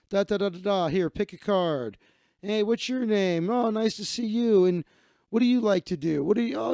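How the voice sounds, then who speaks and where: A man's voice: a little high, creaky, dark tone, no echo, studio quality. A man hosting a live stream, telling a casual story with lots of restarts and swearing. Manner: rambling, profane, many restarts and fillers. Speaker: live-stream host, magician.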